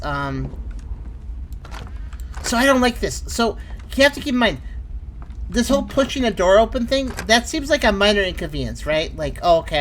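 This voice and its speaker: Woman streamer, chatty and excitable, expressive pitch, talks through her game run. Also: a little hiss or hum. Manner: animated, exclaiming, thinks aloud. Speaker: gameplay commentator. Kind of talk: casual let's-play commentary.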